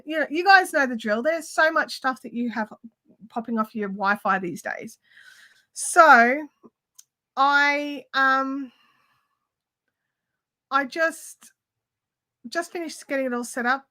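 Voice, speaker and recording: Bright-voiced woman chatting. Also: high-pitched. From Australia. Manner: exasperated storytelling, mimics callers. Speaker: craft livestream host. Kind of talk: casual chat. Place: home.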